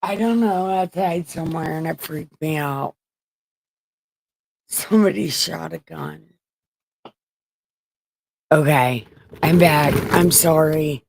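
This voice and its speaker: A woman's voice: sits low, slow, vocal fry, long pauses, a little mellow, slight background noise. A woman livestreaming from home, reading scripture in a casual, irreverent way, crude and joking as she talks.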